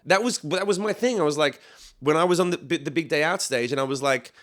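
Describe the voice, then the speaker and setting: A man, a singer-songwriter, chatting casually on a podcast, telling animated stories, acting out what others said and swearing freely. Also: fairly high pitch, quick pace. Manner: animated storyteller who acts out quotes, swears freely.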